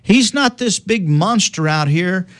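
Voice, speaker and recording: Middle-aged guy preaching in a chatty way, stops and restarts a lot, quotes old-style bible verses, kinda high voice, dry close sound. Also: expressive, dry recording. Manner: halting, many restarts, quotes scripture in old-fashioned wording. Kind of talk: conversational religious teaching.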